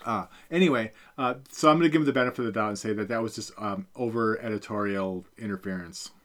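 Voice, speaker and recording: A man's voice: on the low side, fast talker, a bit bright. A middle-aged man co-hosting a podcast, chatting casually about a book, rambling with many fillers and self-corrections. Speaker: podcast co-host. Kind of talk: casual book-review chat.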